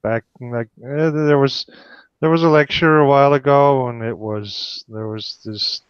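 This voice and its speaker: A man playing a tabletop role-playing game, speaking hesitantly with many halting restarts. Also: medium pitch, clear, resonant tone, no room sound. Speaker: player. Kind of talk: casual tabletop play. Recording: dull, dry lo-fi mic.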